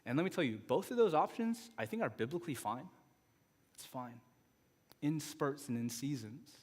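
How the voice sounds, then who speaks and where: A man's voice: medium pitch, animated, normal speed. A man in his thirties preaching a sermon as a guest pastor, telling personal stories in a loose, conversational way with frequent asides. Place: church sanctuary. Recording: reverberant church sanctuary.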